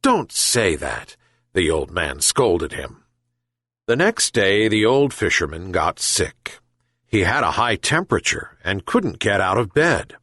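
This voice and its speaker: A male reader telling a fable in a slow, careful storybook style meant for language learners. His pitch is mid-range but rises and falls very widely. The recording is dry and close to the mic. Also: very animated, fairly bright tone, breathy edge, dry recording. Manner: slow, deliberate reading for learners. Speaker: audiobook reader. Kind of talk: scripted storybook narration.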